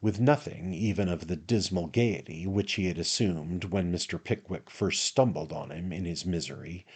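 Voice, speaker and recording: A man reading a classic novel aloud as an audiobook narrator in a measured, unhurried way. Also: deep voice, a little mellow, breathy edge. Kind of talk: scripted narration.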